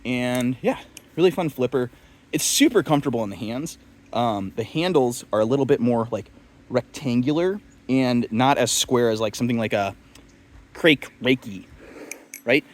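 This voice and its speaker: A man's voice: medium pitch, expressive, moderate pace. Young man, casual knife review, rambling, filler-heavy, faint background hiss.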